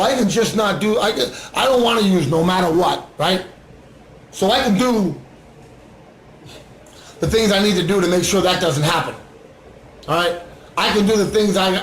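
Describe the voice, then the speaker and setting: A man's voice: high voice, roomy sound, a little hiss or hum, poor audio. A man and recovering addict sharing his story in an earnest livestream monologue, often asking "right?". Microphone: webcam or phone on a screen.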